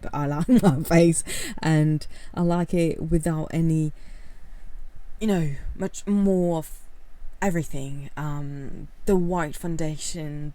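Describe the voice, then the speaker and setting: A woman with a deep voice offers casual talking-head commentary for a video essay, candid and rambling, sprinkled with fillers and soft laughs. The recording has no room sound.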